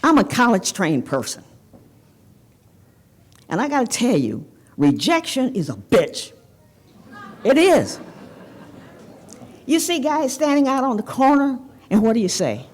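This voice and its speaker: An older woman from Evanston, Illinois, giving a commencement speech, telling a personal story in a candid, animated way. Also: a little high, measured pace, pauses often, husky. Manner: candid, animated storyteller, talks straight to the audience. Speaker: commencement speaker. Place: banquet hall ceremony.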